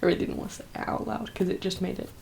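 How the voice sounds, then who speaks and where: A soft-spoken young woman, chatting in an ASMR video, slipping into whispers and teary as she rambles with many fillers. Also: on the low side, fairly even intonation, rapid-fire, creaky, slight background noise, poor audio. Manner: rambling, full of fillers and laughs. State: teary, emotional. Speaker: ASMR creator.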